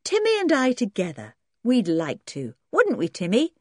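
A woman's voice: on the high side, wildly swooping pitch, moderate pace, dry recording, studio quality, voice pushed up. A woman reading an audiobook and voicing a fierce, stubborn tomboy girl who speaks defiantly. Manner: defiant, sulky.

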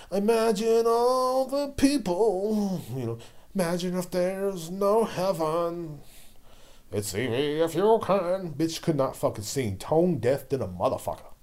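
A podcast host with a lowish, somewhat dark and slightly rough voice rants loosely on his own show. He swears constantly and drinks a beer as he goes.

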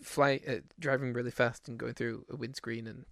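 A man with a gravelly, creaky voice talks casually about films on a podcast. He rambles and restarts often. The sound is dry and close, with no room around it. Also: mid-range voice, steady tone, moderate pace, no room sound. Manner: rambling, lots of restarts and fillers. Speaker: podcast co-host. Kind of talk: casual film chat.

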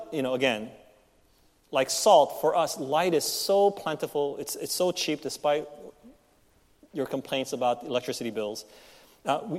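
A man's voice: medium pitch, a little mellow. A man preaching a sermon in a conversational teaching manner, rising emphatically on key words. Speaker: pastor. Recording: long reverb of a large hall.

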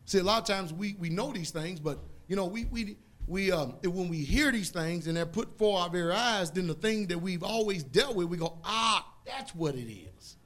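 A man preaching a sermon in a folksy, emphatic way, drawing call-and-response from the congregation and rising to loud outbursts. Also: sits high, brisk, few pauses.

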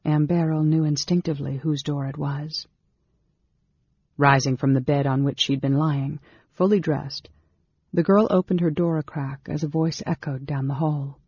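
A man narrating a fantasy novel aloud in a steady, measured storytelling manner. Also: a little high, vocal fry, slightly rough, no room sound. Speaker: audiobook narrator. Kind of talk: scripted narration. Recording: dull lo-fi dry recording.

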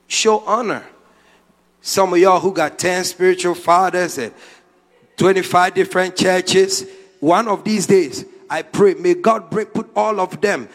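A man preaching a sermon as a prophet, dramatic, swinging from quiet asides to shouted lines. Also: high-pitched. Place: large church hall. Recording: long hall reverb.

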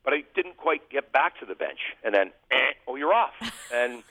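A man's voice: mid-range voice, big pitch swings, moderate pace, bright, forceful tone, no echo. A man, a former hockey goalie, telling humorous, self-deprecating stories as a guest in a casual interview. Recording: tinny phone-like line.

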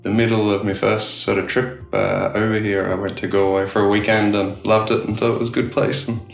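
Gravelly low Australian man, echoey room. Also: flat delivery, brisk, faint music behind. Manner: rambling, many "you know" fillers and restarts. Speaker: tattoo artist guest. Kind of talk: casual interview chat.

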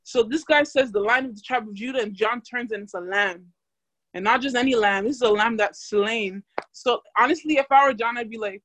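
A woman's voice: fairly high pitch, fairly quick, a bit bright, no room sound. A young woman casually teaching a Bible study, chatty and full of fillers, asking the group questions.

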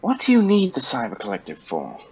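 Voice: medium pitch, huge pitch swings, a little fast, a little mellow, breathy edge, heavily acted, low-quality recording. Player doing a dry-witted alien time traveller. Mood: wry. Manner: dry and sardonic.

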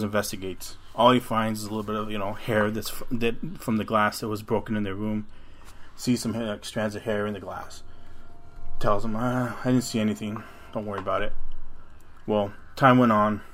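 This fairly low-voiced man, slightly bright in tone and level in delivery, recounts an eerie tale for his podcast partner at a moderate clip. His retelling wanders and is full of profanity and frequent restarts, like friends casually talking.

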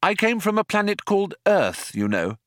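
A man's voice: high-pitched, big pitch swings, moderate pace, fairly bright tone, no room sound, studio quality, voice pushed up. A man voicing a homesick, wistful human man in an audiobook, in an earnest, pleading tone.

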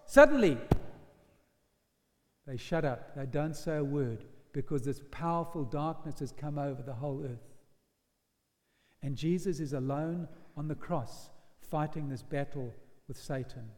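Dramatic preacher with a high, lively voice. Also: male voice, measured pace. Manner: swings between hushed lines and loud shouted quotes. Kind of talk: dramatic storytelling sermon. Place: church hall. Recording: long reverb of a church hall.

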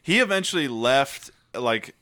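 A young man telling a wild story in casual chat, animated and profane, often laughing. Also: mid-range voice, measured pace, no echo.

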